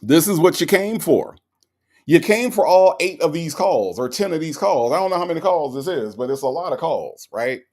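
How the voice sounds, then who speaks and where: A man's voice: a little high, normal speed. A man hosting an online commentary show, talking casually and sarcastically to his viewers with lots of asides. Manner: animated and sarcastic, with frequent fillers and asides. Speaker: host of a commentary channel.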